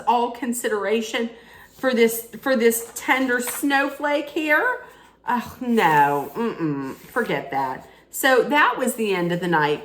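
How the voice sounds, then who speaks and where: A woman hosting her own reality TV recap, ranting casually in a blunt, heated way straight to her viewers. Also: fairly high pitch.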